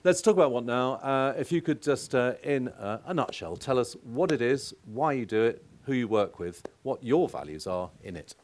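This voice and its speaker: A man interviewing a guest on a conference stage, asking brisk questions with little hesitations. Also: medium pitch, animated.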